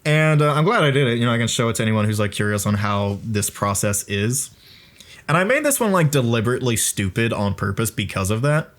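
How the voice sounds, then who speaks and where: A young man giving excited, rambling commentary on his own video, swearing freely and laughing often. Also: medium pitch, a little fast.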